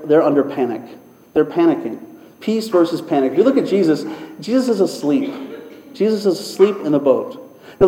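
A man's voice: a little high, dark tone. A man preaching a sermon in an earnest, repeating cadence, as a pastor. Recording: echoey hall with long reverb.

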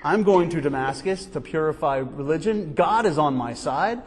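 Picture a man doing a cocky young zealot with a put-on British accent, full of pride and riding high. He crows about himself in a raised, self-satisfied voice. A long reverb from the hall trails behind him. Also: expressive, moderate pace. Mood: smug boasting. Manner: proud, self-satisfied boasting.

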